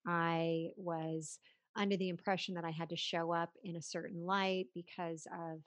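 A woman hosting a podcast interview, chatting casually, encouraging her guest with quick laughs and short affirmations. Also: lowish voice, level tone, no echo. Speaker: podcast host.

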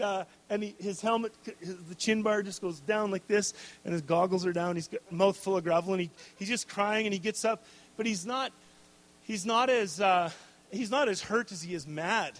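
This high-sitting voice belongs to a middle-aged man, a pastor giving a sermon. He shares a personal anecdote casually and with animation, using plenty of fillers.

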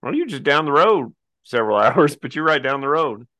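A man hosting a podcast interview, asking questions in a relaxed, conversational way. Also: fairly high pitch, a little fast. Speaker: podcast host.

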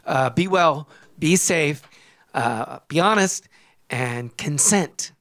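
A man's voice: on the high side, animated, slow pace, a bit bright, soft background music. A man hosting a dating podcast in casual chat, emphatic and swearing freely, with a preacher-like pep-talk manner. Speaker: podcast host.

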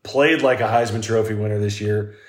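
A man's voice: lowish voice, fairly even intonation, fairly quick. A man co-hosting a casual roundtable chat, joking in wry banter with his friends. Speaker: podcast co-host. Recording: echoey room.

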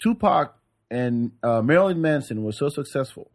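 A man's voice: medium pitch, lively intonation, moderate pace. Laid-back joking man hosting a podcast. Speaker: podcast host. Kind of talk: casual chat.

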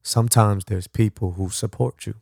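A man with a low, gravelly voice hosts a motivational podcast. He rambles conversationally and often restarts his thoughts. The recording is dry and close. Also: steady tone, normal speed, darkish tone, no echo. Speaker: podcast host. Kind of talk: reflective motivational monologue.

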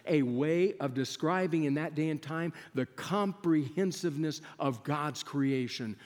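A male preacher giving a sermon, swinging between loud rising questions and hushed, near-whispered lines. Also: fairly high pitch, unhurried, hardly any pauses, long reverb tail.

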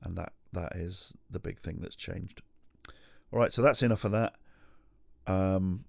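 A man talking alone at home for his podcast, in a fairly low voice. He is candid and rambling and swears often. The sound is dry and close, with no room around it. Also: unhurried, vocal fry, a little mellow, no echo. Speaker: podcast host. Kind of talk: solo podcast monologue.

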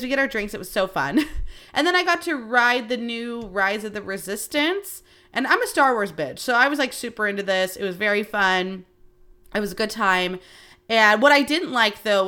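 A woman around thirty chats on her podcast in a lively, unfiltered way, with plenty of cursing as she tells her stories. Her voice sits a little high and rings bright and forceful. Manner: animated, swearing freely, chatty. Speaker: podcast host. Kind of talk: casual storytelling chat.

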